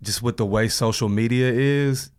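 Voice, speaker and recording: A man in his thirties, a podcast guest, chatting casually in a laid-back, halting way with lots of fillers and restarts. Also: mid-range voice, a little mellow, clear, resonant tone. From Indianapolis area. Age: 30s. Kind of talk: casual chat.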